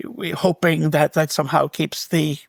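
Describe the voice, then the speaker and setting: A man as an interview guest, telling a personal story in a casual, animated way, with restarts and quick laughs. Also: a little high, vocal fry, no echo.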